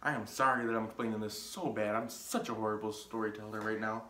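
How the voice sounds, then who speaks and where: A man's voice: on the low side, steady tone, fast talker, bright, forceful tone, roomy sound, slight background noise. A young man telling a casual story on his vlog, rambling with lots of filler words and restarts. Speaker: vlogger.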